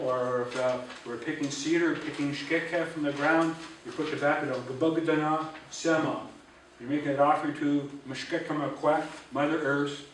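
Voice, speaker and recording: A man teaching an Ojibwe language class, patiently drilling syllables and repeating words slowly. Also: fairly high pitch, a little hiss or hum. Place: library auditorium. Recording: echoey room, voice from a distance.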